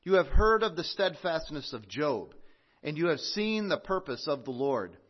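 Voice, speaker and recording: A man preaching a sermon, earnest and measured, with emphatic pauses. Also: on the high side, very animated, highs cut off. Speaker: pastor.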